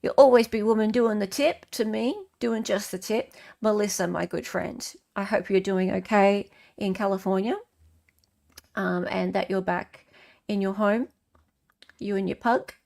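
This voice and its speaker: A woman's voice: mid-range voice, steady tone, unhurried, creaky, a little mellow. An Australian woman hosting a casual livestream chat, greeting viewers and reading their comments aloud. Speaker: livestream host.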